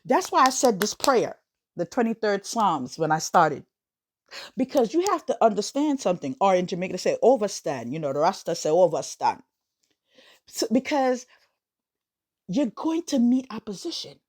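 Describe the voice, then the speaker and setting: An American woman hosting a podcast, talking casually in an animated way, laughing often and swooping up high for emphasis. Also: moderate pace. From United States. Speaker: podcast host. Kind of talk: casual monologue.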